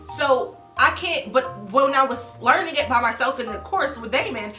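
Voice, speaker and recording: A woman's voice: high voice, normal speed. Chatty young woman vlogger, echoey room. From Columbus, Ohio, USA. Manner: animated, filler-heavy with frequent "like". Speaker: vlogger reviewing a language course. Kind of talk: casual chatty review. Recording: echoey room with music behind.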